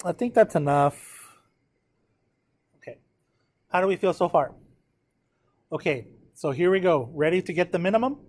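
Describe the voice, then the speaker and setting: A math teacher whose voice is a bit higher than most men's explains a graph step by step, counting aloud and checking that his students follow. He speaks briskly but leaves long pauses.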